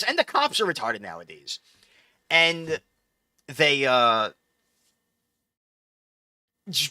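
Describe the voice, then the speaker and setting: A man's voice: on the high side, bright, forceful tone, dry recording, clean studio sound. A man hosting a live stream, telling a story in a casual, profane, exasperated ramble full of restarts. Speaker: livestream host.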